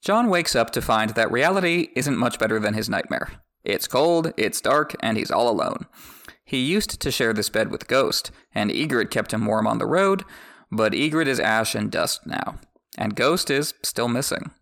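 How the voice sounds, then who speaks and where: A man hosting a chapter-by-chapter book podcast, mixing read-aloud passages with wry jokes. His mid-pitched voice carries a gravelly, creaky texture. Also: lively intonation, moderate pace, a bit bright. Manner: wry, joking asides. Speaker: podcast host. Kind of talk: chapter recap with read excerpts.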